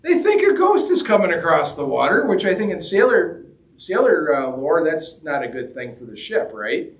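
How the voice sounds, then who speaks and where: At a moderate pace, a man with a slightly high voice and big swings in pitch gives a sermon that feels like a conversation laced with jokes, acting out quoted lines along the way. The setting is a church hall, recorded from afar with a roomy echo.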